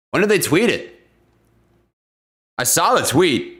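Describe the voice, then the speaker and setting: A man hosting a live stream about stocks, chatting casually and excitably with viewers and breaking down price charts. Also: on the high side, slow, long pauses. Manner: excitable, easygoing, laughs often, slangy. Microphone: desk condenser microphone.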